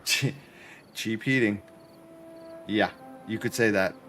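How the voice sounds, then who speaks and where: Slow and a bit bright, this lowish male voice belongs to a streamer from Canada. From his apartment he plays a game, joking and talking casually with his chat.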